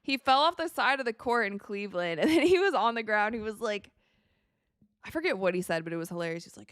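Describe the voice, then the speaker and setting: A woman's voice: medium pitch, quick pace, clear, resonant tone, dry recording, studio quality. Chatty young woman streaming a game. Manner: chatty, excitable, reads viewer messages aloud. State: tired, yawning. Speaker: streamer hosting a watch party. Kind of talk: casual live-stream chat and game reactions.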